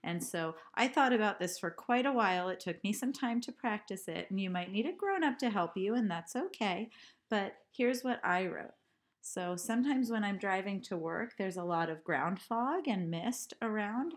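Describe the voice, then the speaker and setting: A woman teacher giving an art lesson to children, speaking clearly and counting syllables aloud. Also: mid-range voice, expressive, normal speed. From California.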